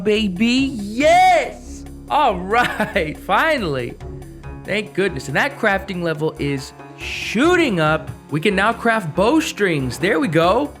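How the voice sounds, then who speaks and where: A young man hosting a gaming video, chatting casually and playfully as he plays, swinging between excited bursts and quiet mumbling. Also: high voice. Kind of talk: casual gameplay commentary.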